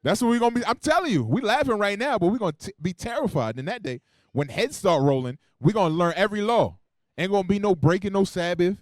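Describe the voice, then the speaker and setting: A man preaching a sermon, calling on a reader for verses and joking in between, swinging from loud emphasis to quiet asides. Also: sits high, dry recording, clean studio sound. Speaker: preacher teaching a Bible class. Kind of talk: sermon with call-and-response scripture reading.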